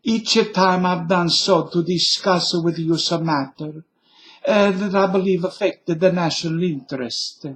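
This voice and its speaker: Man doing a put-on Italian accent, mock politician, formal speech, slow delivery, slightly raised pitch. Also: steady tone, a bit bright. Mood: solemn.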